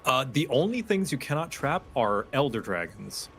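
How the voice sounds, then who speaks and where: A man playing a game with friends, dropping wry, teasing jokes and laughing often. His pitch moves a lot, and a faint hiss runs behind the voice. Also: big pitch swings, moderate pace, a bit bright. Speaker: co-host and player. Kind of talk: casual gameplay banter.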